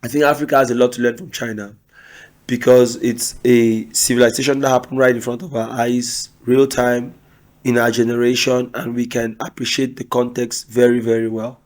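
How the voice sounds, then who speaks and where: Husky guy with a cold, reaction vid host, pretty flat monotone, casual talk. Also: mid-range voice, moderate pace. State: has a cold. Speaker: video host reacting to clips. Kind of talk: casual commentary.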